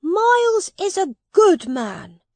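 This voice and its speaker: A woman voicing a young boy prince in a storybook reading, speaking high, loud and imperious. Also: sing-song, slow pace, dry recording, exaggerated voice.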